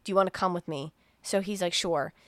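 In casual podcast chat, this co-host retells a film's story with lots of cursing and laughter, performing the characters' dialogue with animation. She speaks briskly in a lowish voice, with no echo.

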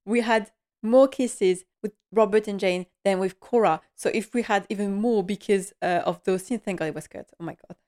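A woman hosting a podcast, giving an animated and emotional episode recap with nervous laughter. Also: medium pitch, moderate pace. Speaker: podcast host.

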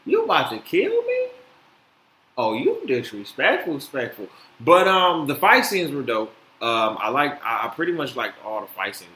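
Bright-voiced man ranting on his podcast. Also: medium pitch. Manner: animated, swears freely, many fillers. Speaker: podcast host. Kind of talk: casual solo podcast chat. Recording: echoey room, faint noise.

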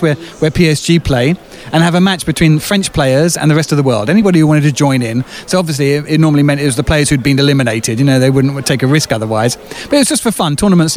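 An English man, a sports journalist, telling a lively anecdote outdoors with frequent fillers. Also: fairly high pitch. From England. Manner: chatty storyteller, many fillers, lively retelling. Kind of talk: casual anecdote.

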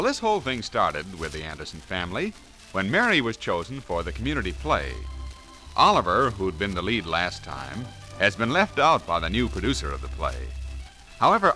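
A man narrating a 1940s radio comedy as announcer, with a lively storytelling delivery, on an old broadcast recording. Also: low-pitched, rough recording.

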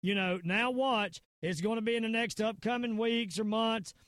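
A man's voice: high voice, steady tone, normal speed, fairly bright tone. A man with a Southern US accent hosting a podcast, ranting in a rambling, emphatic way full of fillers and restarts. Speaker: podcast host. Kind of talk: casual conspiracy-minded rant.

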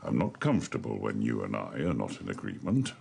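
A very low, gravelly voice with a husky edge belongs to a formal, dignified man. He speaks stiffly and courteously, and his pitch swings widely across each sentence. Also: huge pitch swings, fairly quick, dark tone, exaggerated voice. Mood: earnest.

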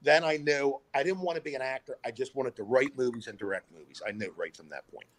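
A man's voice: medium pitch, fast. A middle-aged man, a filmmaker guest, telling a long story in a casual interview, rambling with many fillers and restarts.

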